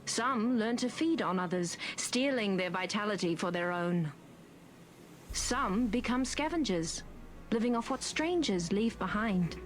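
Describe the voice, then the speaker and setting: A woman's voice: medium pitch, lively intonation, unhurried, soft background music, natural voice. A woman narrating like a nature documentary in a game intro.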